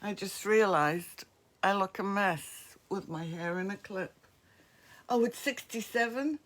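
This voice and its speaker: A woman's voice: medium pitch, a little slow, fairly bright tone. A woman with a New Jersey accent, hosting a crafts livestream and chatting casually with viewers in the comments. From northeastern US. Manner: chatty, friendly asides to commenters.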